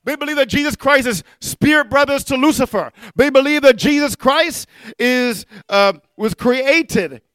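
A man preaching a fiery sermon, breaking into shouts and tossing out "amen?" to the congregation. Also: extremely high pitch, unhurried, smooth, no room sound, clean studio sound. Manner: emphatic, punctuates with "amen?" and shouts.

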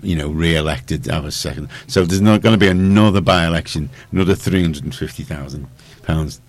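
Deep-voiced sarcastic male radio host. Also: brisk. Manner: rambling, sarcastic, with many restarts. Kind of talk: casual chat.

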